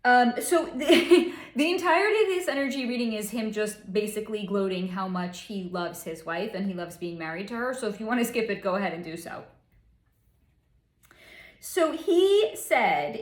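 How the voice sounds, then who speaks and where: A woman's voice: mid-range voice, expressive, normal speed, roomy sound. A woman hosting her own psychic channel, relaying energy readings in a casual vlog with snarky, chatty asides.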